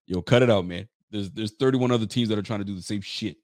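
Reading viewer comments aloud on his live fan podcast, this young host vents bluntly and swears freely. He talks quickly in a lowish voice with a darkish tone, and the clean studio recording has no echo.

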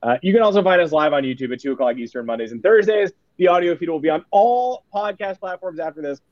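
A man's voice: a little high, animated, fast talker, a little mellow, no room sound. A man co-hosting a casual sports podcast who talks in a wry, sarcastic, rambling way. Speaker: podcast co-host. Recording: dull, dry sound.

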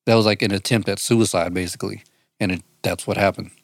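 Gravelly low-voiced man in his thirties. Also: fairly even intonation, quick pace, dry recording, clean studio sound. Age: 30s. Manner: profane, laughing, trailing restarts. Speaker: podcast co-host. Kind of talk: casual chat.

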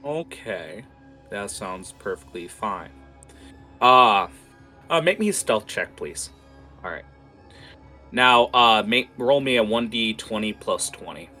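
A man narrates as game master, pausing often on fillers. His voice sits low but rings bright. Faint music plays underneath. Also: animated. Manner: loose, filler-heavy narration.

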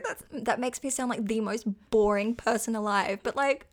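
A woman's voice: fairly high pitch, normal speed. A young woman, chatting casually and giggling, joking about herself. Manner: giggly, chatty, self-deprecating. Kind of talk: casual chat.

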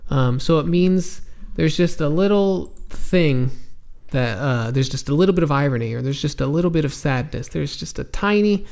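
A man's voice: a little high, lively intonation, moderate pace, vocal fry, darkish tone. A man teaching English vocabulary, explaining words patiently and spelling them out, with many ums and restarts. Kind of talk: slow explanatory vocabulary lesson.

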